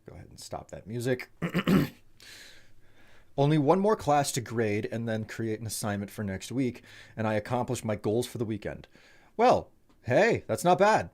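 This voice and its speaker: A man's voice: mid-range voice, big pitch swings, normal speed, a little mellow. A man streaming a game, chatting casually with his viewers and trailing off with fillers. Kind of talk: casual chat while playing a game.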